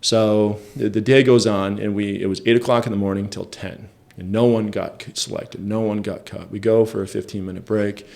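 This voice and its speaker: A man's voice: fairly low pitch, fairly even intonation, moderate pace, gravelly, few pauses, a little mellow. A man telling a story in a casual interview, chatty and self-deprecating. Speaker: interview guest.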